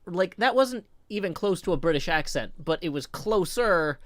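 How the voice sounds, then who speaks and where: A man's voice: lively intonation, moderate pace, dry recording. A man with a Southern American twang, chatting casually on a stream, rambling and often restarting his sentences. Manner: rambling, restarts often, voice drops low while thinking.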